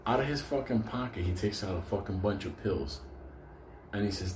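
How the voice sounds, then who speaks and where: A man's voice: fairly low pitch, brisk, darkish tone. A man tells a story casually, swearing constantly and laughing as he talks. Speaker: storyteller host. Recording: echoey room with faint ambient noise.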